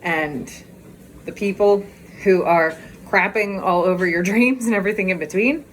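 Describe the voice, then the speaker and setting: A woman's voice: mid-range voice, normal speed. Woman, out of breath, walking vlog, bubbly, laughs a lot, phone mic, faint outdoor noise. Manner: bubbly, laughs often, excitable. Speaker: vlogger. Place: outdoors on a walk.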